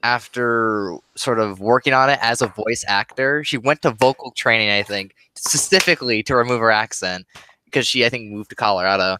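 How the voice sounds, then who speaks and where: A man's voice: medium pitch, normal speed, noisy background. A man with a Midwestern, Chicago-area accent, chatting casually on a live stream, rambling and laughing often. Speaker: streamer and YouTuber.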